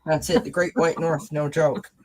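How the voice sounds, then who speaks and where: A woman's voice: deep voice, little pitch movement, moderate pace, darkish tone, a little hiss or hum, low-quality recording. Woman co-host, casual live-stream chat, playful and giggly, tells stories. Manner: chatty, giggly, playful storyteller. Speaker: co-host tarot reader.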